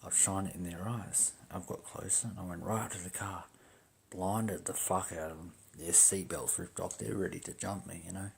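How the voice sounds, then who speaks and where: A man's voice: low voice, fairly even intonation, normal speed, vocal fry, slight background noise. A man telling a story to his viewers in a blunt, profane, indignant way.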